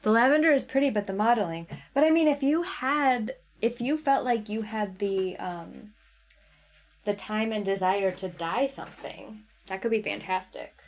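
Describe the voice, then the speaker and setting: A woman hosting a live craft sale stream. She chats loosely and answers viewers by name as she shows items. Her voice sits at an ordinary middle pitch for a woman. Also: moderate pace. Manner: chatty, reads out viewer names and chat comments. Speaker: livestream sale host. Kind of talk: casual live sale chat.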